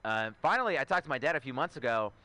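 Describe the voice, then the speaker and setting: A man's voice: medium pitch, animated, quick pace, pushed and bright, no echo. A man in his twenties performing a stand-up comedy set, chatty and self-mocking, riffing with asides to the crowd. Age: 20s. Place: outdoor show.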